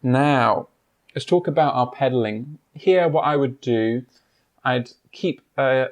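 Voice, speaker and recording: A man teaching piano, explaining pedaling, fingering and rhythm in a measured way with pauses and fillers, his words broken up by demonstrations at the piano. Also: mid-range voice. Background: piano playing.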